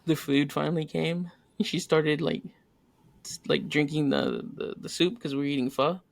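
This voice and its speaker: A man's voice: on the high side, moderate pace, gravelly, no room sound. A man co-hosting a podcast, telling a story about his wife in casual chat and acting out the quotes in different voices. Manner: animated, acts out quotes in varied voices. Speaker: podcast co-host.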